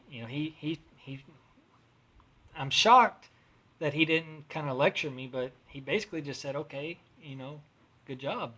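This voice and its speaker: A man's voice: fairly high pitch, fairly bright tone. Rambling, cursing man telling a story. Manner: rambling, profane, restarts often. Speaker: podcast host. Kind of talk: casual storytelling chat.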